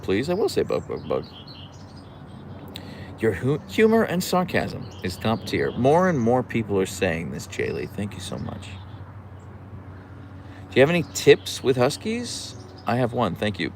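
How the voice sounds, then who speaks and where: A young man with a low, gravelly voice chats casually on his livestream, reading viewers' messages aloud with dry sarcasm. His pitch swings widely from line to line, and a faint noise sits behind him. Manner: dry sarcastic banter, reads chat names aloud; often trails off into low gravelly murmurs. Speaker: livestream host reading chat.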